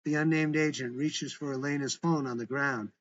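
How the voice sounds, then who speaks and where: A man's voice: mid-range voice, steady tone, moderate pace, fairly bright tone, muffled recording. A man reading a script aloud with stage directions in a plain, matter-of-fact way. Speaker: narrator and author.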